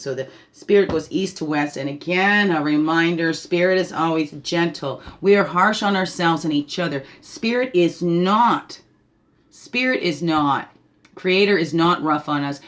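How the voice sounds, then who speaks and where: A woman leading a spiritual guidance talk, meandering and laughing often, checking in with "right?" as she goes. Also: low voice. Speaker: spiritual guide.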